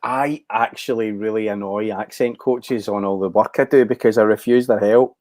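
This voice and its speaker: Scottish actor, thoughtful and halting. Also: male voice, fairly low pitch, steady tone, a little mellow, dry recording. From Scotland. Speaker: actor, guest. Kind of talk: casual interview.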